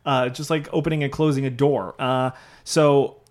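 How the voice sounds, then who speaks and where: A man's voice: mid-range voice, steady tone, moderate pace. A man co-hosting a podcast, animatedly retelling a movie's plot with lots of fillers. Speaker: podcast co-host. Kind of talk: casual movie-recap chat.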